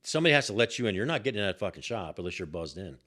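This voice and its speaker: An older man telling a story on a podcast in an animated, profane way and repeating himself as he goes. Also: on the low side, very fast. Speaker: guest, host's father.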